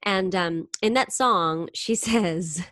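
A woman singer and impressionist, telling stories in an animated, chatty way during an interview. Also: fairly low pitch, takes it slowly, no room sound, clean studio sound. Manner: animated, chatty storyteller who briefly slips into singing impressions. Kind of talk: interview conversation.

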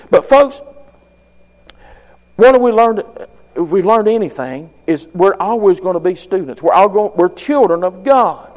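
Fervent preacher man, high voice. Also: lively intonation, measured pace. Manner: fervent, swelling louder and higher on key phrases, folksy talk. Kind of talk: sermon. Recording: long hall reverb.

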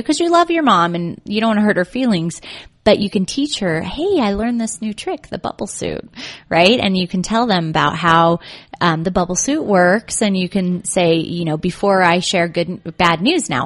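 A woman executive coach chatting casually, acting out little quoted voices and laughing often. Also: on the low side. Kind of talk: casual advice chat.

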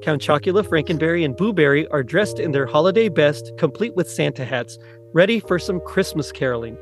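A man's voice: fairly high pitch, expressive, a little fast, music in the background. Giggly man reading a script. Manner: giggly, breaking into laughter while reading. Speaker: podcast host. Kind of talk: reading a skit script aloud.

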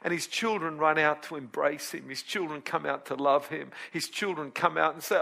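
A high, bright male voice preaching with animated storytelling. He acts out the voices of the people in the story, then drops low and quiet to explain the scripture. The tone stays bright and forceful. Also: moderate pace, creaky, hardly any pauses. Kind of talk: sermon.

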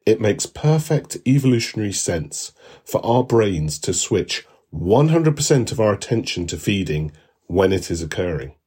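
A man teaching a recorded lesson in a calm, reassuring way, often repeating soothing phrases. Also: fairly low pitch, slightly rough. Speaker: course instructor.

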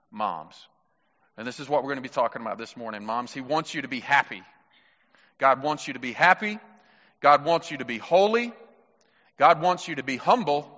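A man preaching in a church with a bright, forceful voice set a little high. He presses each point home and repeats key words to drive them in. The recording is dull and lo-fi, with a long hall reverb trailing every phrase. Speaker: pastor. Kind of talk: sermon.

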